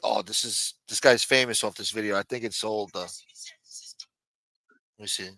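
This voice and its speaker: A man co-hosting a casual livestream chat, his voice fairly low yet bright, with profane, offhand asides. The sound is dry and close-miked. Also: fairly even intonation, moderate pace, vocal fry, no room sound, rough recording. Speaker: co-host.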